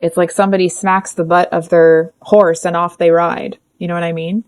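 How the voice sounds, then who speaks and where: A woman giving a casual, frank tarot reading, chatty and animated, often breaking off to correct herself. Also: on the low side, moderate pace, clear, resonant tone. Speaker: tarot reader.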